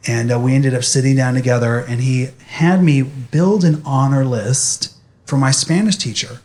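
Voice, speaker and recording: A man's voice: mid-range voice, moderate pace, a little mellow. A young man speaking animatedly to an audience, telling a personal story in a motivational talk.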